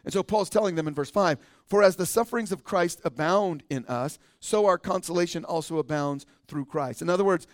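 An American man, a pastor, preaching a conversational sermon and often ending points with a quick "right?". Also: high-pitched, no echo, clean studio sound. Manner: conversational preaching, frequent tag question "right?".

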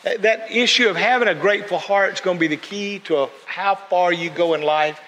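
Here a man with a high, brisk voice and a sharp tone preaches, weaving in stories and acting out the people he quotes. Long reverb from the hall fills the recording, along with faint background noise.

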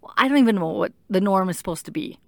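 A woman's voice: medium pitch, expressive, fast talker, gravelly, no room sound. A woman in her thirties telling her own story in a candid, reflective, self-questioning way. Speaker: mother sharing her experience. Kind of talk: personal storytelling, casual.

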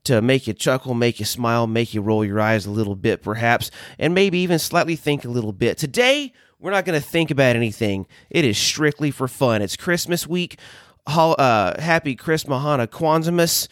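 A man's voice: mid-range voice, lively intonation, normal speed, no room sound, clean studio sound. A man hosting his own podcast, talking casually and playfully, with some swearing and laughing at his own jokes. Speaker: podcast host. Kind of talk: casual solo podcast monologue.

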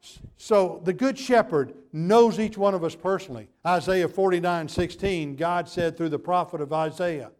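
A pastor delivers a sermon in a somewhat high voice for a man. He stacks phrases on top of one another and leans hard into each repetition. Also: normal speed, few pauses, a little mellow. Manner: emphatic preaching with building repetition.

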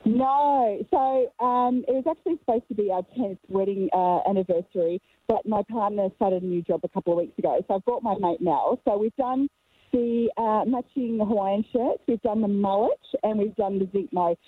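A woman's voice: mid-range voice, moderate pace, husky, no echo. A woman, calling in as an on-the-ground reporter and chatting eagerly. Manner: chatty, enthusiastic. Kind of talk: casual phone chat. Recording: tinny phone line, dry.

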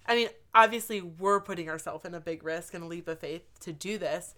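A woman's voice: on the low side, brisk. Earnest woman telling a story. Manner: earnest, animated storytelling with frequent "like". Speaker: guest telling her story. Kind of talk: casual chat.

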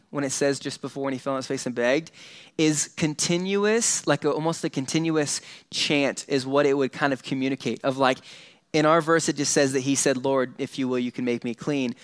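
Guy preaching, chatty and animated, goes soft for the big parts, smooth clear voice. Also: a little high, no echo. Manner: animated, conversational preaching with dramatic quieter passages. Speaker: pastor. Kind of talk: sermon.

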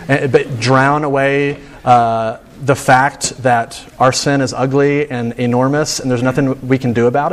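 A male preacher delivers a sermon with earnest emphasis. His voice sits a little higher than most men's, and he doubles back on words as he drives each point home.

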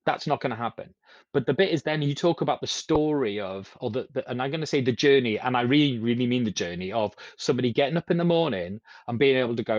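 A man's voice: mid-range voice, expressive, fast talker, no echo. A man on a podcast talking in a rambling way with many restarts, acting out quoted speech. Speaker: podcast speaker. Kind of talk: casual podcast chat. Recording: slightly muffled lo-fi sound.

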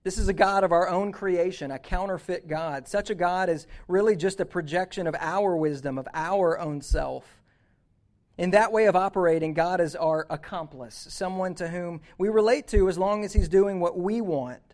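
A man preaching a sermon, telling a story that moves from hushed passages to loud, urgent ones. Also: sits high, normal speed. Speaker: youth pastor.

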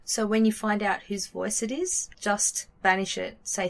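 A woman's voice: medium pitch, measured pace, vocal fry. Chatty woman co-hosting a coaching podcast. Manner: relaxed, explains things at length with casual fillers. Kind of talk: casual chat.

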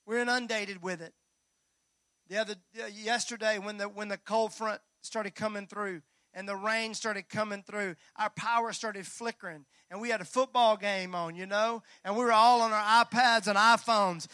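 A high-voiced man preaches a sermon, bright and forceful in tone. He swings from loud rallying calls down to hushed, near-whispered lines, dropping folksy jokes to his congregation. The sound is close and dry. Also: steady tone, normal speed, no echo. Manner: folksy, joking asides to the congregation. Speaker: pastor.

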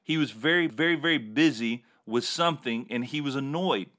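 A man voicing a calm, playful father explaining something to his daughter in a told story. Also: mid-range voice, moderate pace, natural voice. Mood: wry. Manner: calm, wry.

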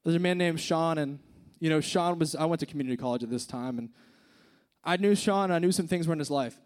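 Talking fast in a fairly high voice, a young youth speaker gives a casual, earnest sermon at a church service on a handheld microphone. His personal story is packed with fillers such as "like" and "dude."

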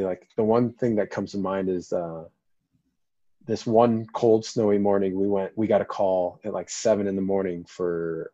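A man's voice: deep voice, mellow, no room sound. A man, a firefighter and paramedic, telling a story in a casual interview in an earnest, rambling way with many fillers. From Colorado, US. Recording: dull lo-fi dry audio.

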